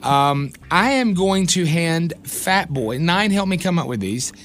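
A man's voice: a little high, animated, measured pace, a bit bright, slight background noise. A man hosting a morning radio show, folksy and joking while he explains a phone-in game. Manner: folksy, jokey, explains rules patiently.

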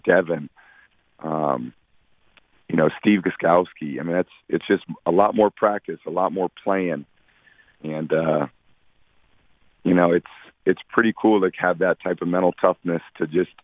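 A man in his forties, a guest athlete on a radio phone interview, talking in a measured way with many fillers. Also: low-pitched, no room sound. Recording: tinny phone line on radio.

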